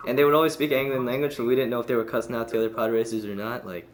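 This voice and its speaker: A man's voice: mid-range voice, flat delivery, racing, a little hiss or hum. A man hosting a podcast interview over a video call, asking questions in a hesitant way with many fillers. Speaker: podcast host.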